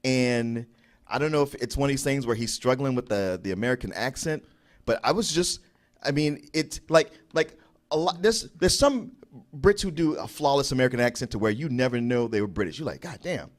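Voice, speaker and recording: A man's voice: mid-range voice, expressive. A man co-hosting a film review show, laying out a reasoned critique in casual talk. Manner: reasoned, measured critique with some hesitations. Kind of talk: casual movie review banter.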